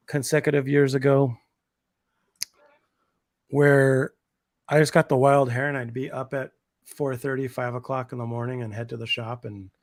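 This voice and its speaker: Man, gravelly voice, dry close sound, excitable casual rambling, lots of slang. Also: medium pitch, no echo. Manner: enthusiastic, rambling, heavy slang and filler "like". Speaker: co-host. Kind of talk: casual chat on a livestream.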